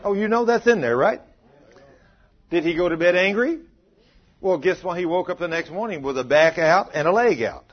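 A man with a voice that sits high, speaking at normal speed, preaches a sermon in an animated way. He tells a story, acting out the dialogue and quoting scripture, on a dull lo-fi recording.

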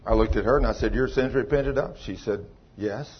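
A man preaching a sermon as pastor, telling a story and acting out the dialogue, swinging between loud and soft. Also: mid-range voice, fairly quick, slightly rough, highs cut off.

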